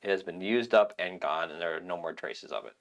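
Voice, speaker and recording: A man narrating as game master of a tabletop game, relaxed and hesitant with fillers. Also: low-pitched, fairly quick.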